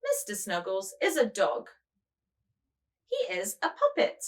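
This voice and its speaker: A woman preschool teacher leading a show-and-tell lesson, speaking slowly and in a sing-song way to small children. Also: mid-range voice, huge pitch swings.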